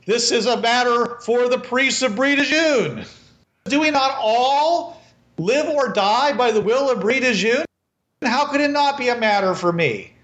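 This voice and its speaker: A man's voice: very high voice, unhurried, a bit bright, pitched above the performer's own voice. A man voicing a haughty male priest who speaks in pompous, archaic phrases. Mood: dismissive.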